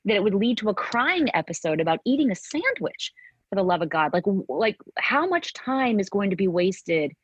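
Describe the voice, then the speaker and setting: A woman's voice: mid-range voice, big pitch swings, moderate pace, slightly rough, no echo, lo-fi sound. A middle-aged woman in a candid interview, speaking earnestly with many restarts and acting out quotes from her past. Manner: earnest, tumbling restarts, acts out remembered quotes. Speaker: guest.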